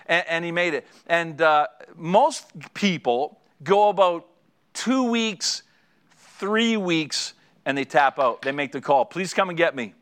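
A middle-aged male pastor delivering a sermon, lively and joking as he acts out little scenes from married life. His voice sits a touch higher than most men's. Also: slow pace, clear, resonant tone. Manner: animated storytelling, acting out conversations; joking, draws audience laughter.

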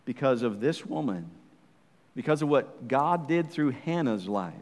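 A man preaching a sermon in a church, fervent and full of rhetorical questions, swinging from hushed to loud. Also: medium pitch, expressive, a little slow, big-room sound. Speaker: pastor.

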